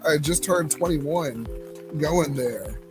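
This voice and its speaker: A man's voice: fairly high pitch, lively intonation, takes it slowly, poor audio. Southern man chatting with music behind. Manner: rambling storytelling with many fillers and restarts. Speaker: cigar lounge livestream host. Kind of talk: casual livestream chat.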